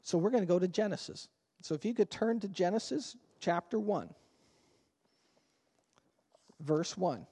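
A man with a fairly high voice preaches a sermon in a conversational way, often turning questions to his congregation. His voice rings through a church hall with a long reverb tail. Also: expressive, measured pace, long pauses, mellow, breathy edge. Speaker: pastor. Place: church sanctuary.

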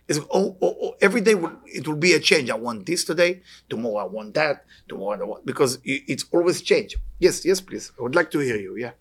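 A man's voice: fairly high pitch, fairly bright tone, slightly rough. A man giving a spiritual lecture to an audience, earnest and questioning, often repeating short phrases. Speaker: Kabbalah teacher.

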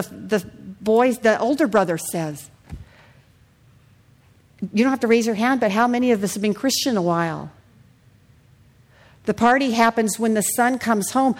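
A middle-aged woman preaching a sermon, telling a personal testimony and putting questions to the congregation. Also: fairly high pitch.

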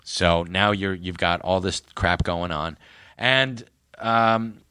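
A deep-voiced man hosts a casual comic book chat. He talks enthusiastically and loosely, with bright, forceful delivery. His voice sounds dry and close. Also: slow pace, clean tone, dry recording. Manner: enthusiastic, rambling, with frequent fillers. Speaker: podcast host.

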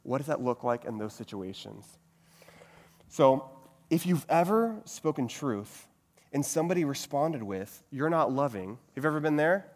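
A man's voice: fairly high pitch, very animated, moderate pace, darkish tone. A man giving a sermon-style teaching talk, asking many rhetorical questions and repeating a catchphrase. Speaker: pastor teaching a group. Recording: long reverb of a hall.

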